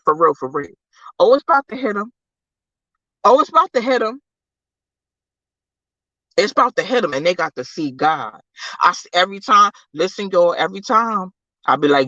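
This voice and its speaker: Intense preachy streamer, bright pushy voice, repeats everything, goes low and slow then way up high. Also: animated, dry recording, lo-fi sound. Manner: preachy, emphatic, repeats phrases, calls listeners baby; swings from low, slow murmurs to high, loud outbursts. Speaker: livestream host. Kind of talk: live faith-based motivational talk.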